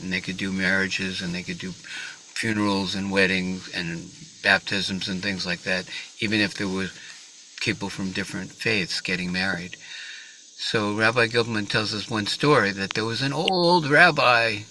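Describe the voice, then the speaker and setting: Man giving a temple class, lowish voice, bright tone, hesitant, fillers. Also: slight background noise, low-quality recording. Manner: hesitant starts, many fillers. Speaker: class speaker. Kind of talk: storytelling talk in a religious class. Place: temple hall.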